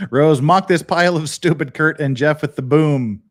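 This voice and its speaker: A man's voice: on the high side, measured pace. A man hosting a live legal commentary stream, joking with his chat and breaking down a lawsuit. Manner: animated, joking, chatty with chat. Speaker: podcast host.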